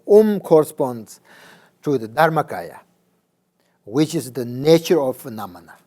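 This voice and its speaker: Male dharma teacher; slow, halting delivery, frequent check-ins. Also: medium pitch, sing-song, warm tone. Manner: halting, many fillers, checks understanding. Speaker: Buddhist teacher.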